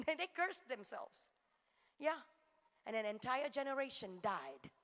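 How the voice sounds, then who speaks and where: Very high-voiced woman preaching. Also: very animated, a little slow, fairly bright tone, big-room sound. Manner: fervent, rising to exhortation. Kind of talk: sermon.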